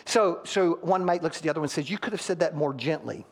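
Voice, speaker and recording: Preaching in a church sanctuary, a male pastor with a highish, breathy voice talks briskly with hardly any pauses. He animatedly acts out quotes from couples to make his points, getting loud on the punchlines.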